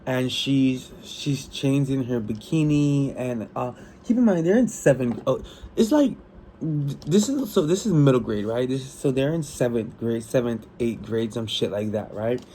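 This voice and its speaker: A tired man talks through a book he loves in a loose, rambling way, doubling back on himself and swearing freely. His voice is mellow and unhurried, with a faint hum of room ambience behind him. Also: medium pitch, low-quality recording. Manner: rambling, excitable, lots of restarts and profanity. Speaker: book vlogger. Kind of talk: casual chat about a book.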